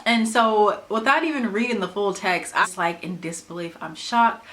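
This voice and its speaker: A woman vlogger casually retelling a personal story in an animated, chatty way, often saying "like". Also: medium pitch, normal speed.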